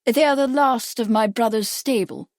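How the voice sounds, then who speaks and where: A foppish, dim-seeming English aristocrat, as a woman narrator puts him on, lisping in an exaggerated upper-class drawl. He talks fatuously and expansively, raised a little high and bright. Dry, close audiobook sound. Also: moderate pace, no echo, natural voice. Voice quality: exaggerated posh lisp. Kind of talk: audiobook character voice.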